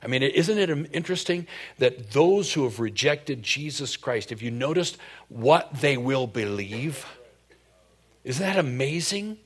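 A male pastor delivers a sermon in a church, his voice mid-pitched and ordinary in tone. He preaches with animation, breaking into raised, playful voices for the quotes he acts out. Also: lively intonation, unhurried, husky.

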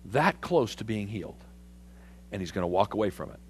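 A man preaching a sermon, animated and conversational, putting questions to his congregation. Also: on the low side, a little fast, slight background noise. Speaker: pastor.

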